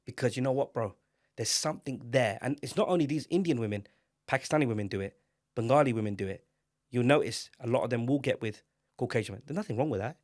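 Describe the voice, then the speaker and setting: Man, podcast co-host, animated, loud outbursts, mid pitch. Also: fast, no room sound, studio quality. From England. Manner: animated and emphatic, rising to loud exclamations. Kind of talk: casual podcast chat.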